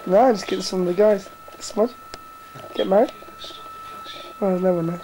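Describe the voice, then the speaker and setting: A man's voice: sits high, moderate pace, noisy background. A young man filming his barrack mates on a handheld camcorder, narrating in a crude, teasing, sweary way. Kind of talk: casual home-video banter. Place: army barracks block, indoors. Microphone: handheld camcorder mic.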